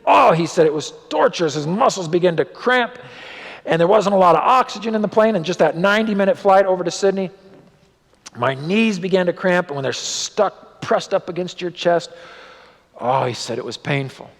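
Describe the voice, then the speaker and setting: Guy pastor telling a story at church, gravelly voice, rises up and drops low, big echoey hall. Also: normal speed. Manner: animated storyteller, voice rising and dropping for drama. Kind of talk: sermon storytelling. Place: church sanctuary. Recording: long church hall reverb.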